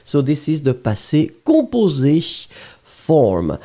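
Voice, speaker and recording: A man's voice: mid-range voice, animated, a little slow, mellow. A male French teacher, a native French speaker with a French accent, leading a playful, chatty live-streamed lesson and often checking in with his students.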